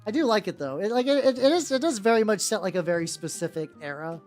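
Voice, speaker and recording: Rambling, animated streamer voice. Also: medium pitch, fast. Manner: rambling, heavy on fillers, swears freely. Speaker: streamer painting miniatures. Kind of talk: casual live-stream chat. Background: faint background music.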